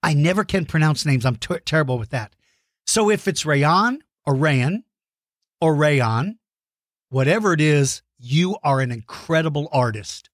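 A man hosting a children's podcast, reading out listener mail with big enthusiasm, warm praise and playful mock-outraged shouts. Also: fairly high pitch, lively intonation, a little slow, no echo, studio quality. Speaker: kids' podcast host.

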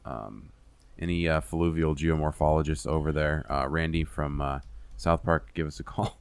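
A man's voice: very deep voice, normal speed, smooth, no room sound. A man hosting a casual podcast, explaining a science topic in a rambling, self-deprecating way with lots of fillers and swearing. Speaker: podcast host presenting the topic.

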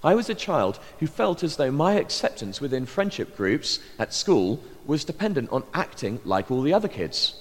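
A middle-aged English man from Bristol with a posh southern accent, a vicar giving an earnest, measured personal testimony as a sermon. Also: a little high, sing-song, big-room sound. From Bristol, England. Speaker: vicar and pastor.

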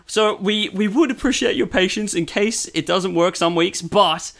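A man's voice: high voice, normal speed, gravelly, a bit bright. A man co-hosting a podcast, upbeat and encouraging, speaking to listeners. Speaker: podcast co-host. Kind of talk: casual chat.

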